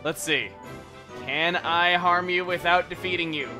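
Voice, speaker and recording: A young man doing excitable, sarcastic commentary over gameplay. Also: sits high, unhurried. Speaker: let's player. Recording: faint music behind.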